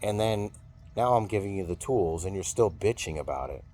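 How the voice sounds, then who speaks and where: A man's voice: low-pitched, lively intonation, moderate pace, warm tone. A man telling a story in a casual venting monologue, rambling and swearing freely. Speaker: vlogger venting.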